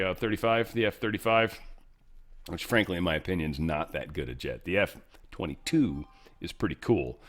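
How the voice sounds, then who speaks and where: A male show host talks through the news in a loose, rambling commentary, blunt and quick to swear. His voice sits at an ordinary middle pitch, nothing unusual in tone. He wanders off into asides and comes back. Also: sharp tone. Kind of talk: casual political commentary.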